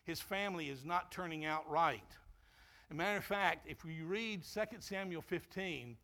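A man, a pastor, preaching a sermon and shifting into a quiet storytelling tone for a personal anecdote. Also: fairly high pitch, moderate pace.

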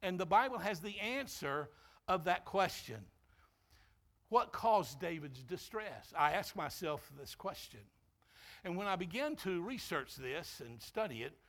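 A man, a pastor, preaching a sermon and shifting into a quiet storytelling tone for a personal anecdote. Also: fairly high pitch.

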